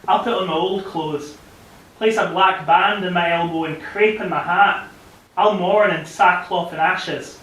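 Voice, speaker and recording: A man's voice: high voice, a bit bright. A young man giving an impassioned, declamatory recitation of a poem as a guest speaker at a club function room. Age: young adult. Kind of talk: dramatic poetry recitation. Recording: very echoey room recording, far from the mic, faint hiss.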